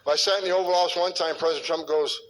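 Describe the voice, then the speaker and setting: A blunt, heated middle-aged man with a slightly raised pitch talks in a forceful way, stumbling and repeating himself as he pushes his point. A faint hiss of noise runs under the recording. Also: fairly even intonation, very fast, low-quality recording. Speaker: former border enforcement official. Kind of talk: clip of a talk or interview.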